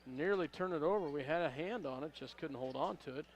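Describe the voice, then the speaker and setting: A man announcing a high school basketball game play-by-play, calling passes quickly and rising on big plays. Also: dull audio. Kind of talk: local radio basketball commentary.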